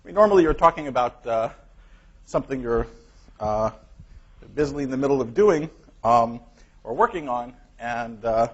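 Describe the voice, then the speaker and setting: A man giving an academic colloquium lecture in a hall with a clip-on mic, emphatic and energetic, often laughing at his own remarks. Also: mid-range voice, moderate pace, long pauses. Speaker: guest lecturer. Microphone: clip-on microphone. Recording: dull lo-fi lecture recording.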